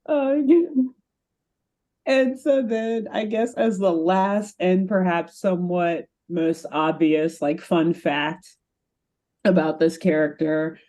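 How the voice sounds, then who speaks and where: A woman's voice: lowish voice, fairly even intonation, slow, warm tone. A young adult woman co-hosting a podcast in casual chat, talking chattily with lots of fillers and frequent laughs. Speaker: podcast co-host.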